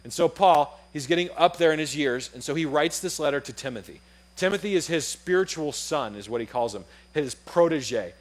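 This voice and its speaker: A young adult man preaching a sermon to his church, telling a story with acted-out dialogue in a lively, conversational way. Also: on the high side, moderate pace. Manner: animated storytelling, acts out dialogue. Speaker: pastor. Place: church auditorium.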